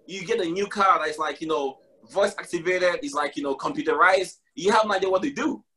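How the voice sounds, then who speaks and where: High, bright-voiced emphatic male preacher. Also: brisk, husky. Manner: emphatic, repeats key phrases, calls out "y'all". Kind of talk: impassioned live preaching.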